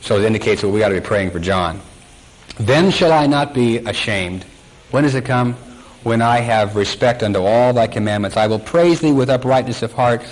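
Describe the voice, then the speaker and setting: A man's voice: lowish voice, brisk, poor audio. A man teaching a sermon who keeps quizzing his congregation and acting out quotes. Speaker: Bible teacher.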